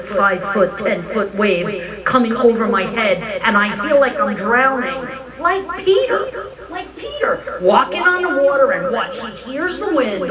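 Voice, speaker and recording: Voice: mid-range voice, far from the mic, low-quality recording. A minister giving a frank, joking, conversational sermon at a live church service. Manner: animated storytelling, frank and joking.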